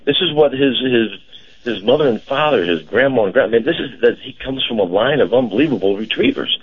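A man co-hosting a casual radio show. He talks in a halting, chatty way with many fillers. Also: mid-range voice, animated, husky. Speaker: radio co-host and car dealer. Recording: dull lo-fi radio broadcast.

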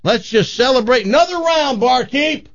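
A man's voice: very high voice, lively intonation, moderate pace, no echo, pitched above the performer's own voice. Man putting on a boisterous middle-aged dad. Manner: boisterous, toasting a crowd. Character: jovial dying dad, middle-aged man, loud and joking. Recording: slightly dull radio audio.

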